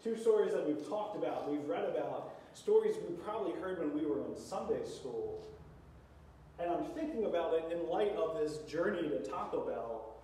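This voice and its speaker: A man's voice: fairly high pitch, mellow, slight background noise. A young man preaching a sermon in a casual, joking storytelling manner. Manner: casual, humorous anecdote-telling. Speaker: youth pastor preaching. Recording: echoey hall, mic at a distance.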